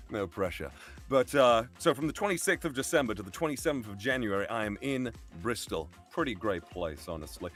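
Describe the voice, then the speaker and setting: A man from England with a Birmingham accent tells a long, animated story with plenty of swearing and acts out the voices of the people in it. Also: lowish voice. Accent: Birmingham English. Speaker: guest telling a story. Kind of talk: animated storytelling on a live stream. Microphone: video call or streaming mic.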